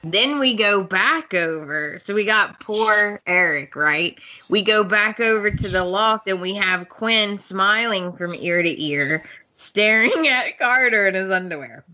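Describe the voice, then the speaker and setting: Her mid-range voice moves at a measured pace, though the recording has its highs cut off. She's a podcast co-host in casual conversation, recapping soap episodes like a lively storyteller and acting out characters' lines between laughs.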